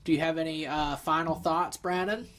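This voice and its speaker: A man's voice: fairly high pitch, fairly even intonation, normal speed, a bit bright. A man hosting a podcast in easygoing casual chat, laughing often and steering the conversation. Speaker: podcast host.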